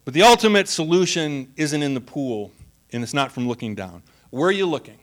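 Male pastor, high voice, chatty and funny, sermon delivery. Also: animated, brisk. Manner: conversational, humorous, laughs often.

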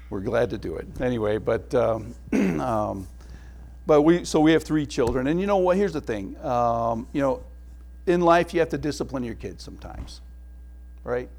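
A middle-aged male pastor giving a sermon, telling family stories with laughs and dropping to a hushed tone for prayer. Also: medium pitch, expressive, a little slow, creaky.

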